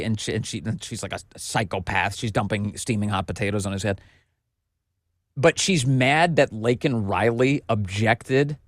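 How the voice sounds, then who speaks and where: A man's voice: on the low side, no room sound, clean studio sound. Emphatic, sarcastic male commentary host. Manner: emphatic and sarcastic, talks to viewers as "fellas". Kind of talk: opinionated commentary reading documents aloud.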